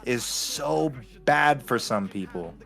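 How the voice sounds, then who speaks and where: A man chats in a loose, profane way, tossing in jokes and curses. His pitch is ordinary. Faint music runs in the background. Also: lively intonation, takes it slowly, gravelly, a bit bright. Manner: loose, profane, laughs along. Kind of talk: casual chat.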